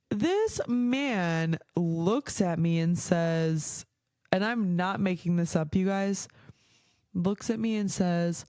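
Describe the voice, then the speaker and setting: Young woman, podcast host, casual storytelling, swears freely, lots of "like", smooth voice, dry sound. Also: on the low side, takes it slowly, warm tone, dry recording. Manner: chatty, swears freely, heavy use of "like".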